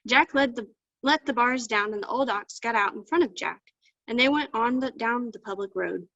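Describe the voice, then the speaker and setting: A woman storyteller tells a folktale in homespun, folksy country phrasing. Her voice sits a little high, and the sound is dull and dry, as if over a video call. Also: moderate pace, a bit bright, no echo.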